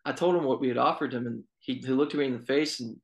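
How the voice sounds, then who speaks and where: Fast-talking gravelly young coach. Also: male voice, mid-range voice, poor audio. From Texas. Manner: storytelling, relaxed, many fillers. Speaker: college baseball assistant coach. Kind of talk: casual interview answers.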